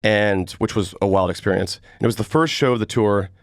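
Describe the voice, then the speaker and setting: Enthusiastic young host, low dry voice. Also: male voice, brisk, no echo. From Atlanta, US. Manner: enthusiastic and laughs easily. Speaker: podcast host. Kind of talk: casual podcast intro and chat.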